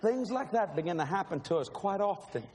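A man's voice: sits high, lively intonation, a little fast, a little mellow. A man preaching a sermon, telling a personal testimony in a dramatic, emphatic way and laughing often. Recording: long hall reverb, faint background hiss.

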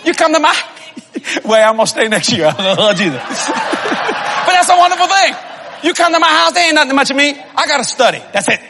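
A man preaching a humorous sermon to a congregation, telling comic stories, laughing and often shouting. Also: very high voice, big pitch swings, a little fast, long reverb tail, a crowd in the background. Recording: live audience laughter and room noise.

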